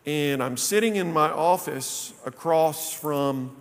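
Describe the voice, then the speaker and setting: A man preaching a sermon, telling a story and dropping his voice low for quoted lines. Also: slow pace. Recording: long reverb of a large hall.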